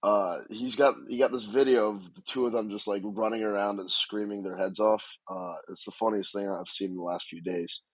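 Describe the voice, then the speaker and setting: A man co-hosting a podcast, telling stories in relaxed casual chat with casual swearing. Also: lowish voice, fairly quick, few pauses, no echo, poor audio. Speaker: podcast co-host.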